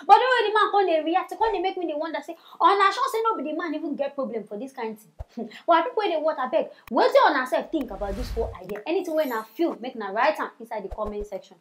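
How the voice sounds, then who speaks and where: Nigerian lady hosting a gossip news show, high lively voice, talks fast, mocking and scolding. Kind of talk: comic celebrity gossip commentary.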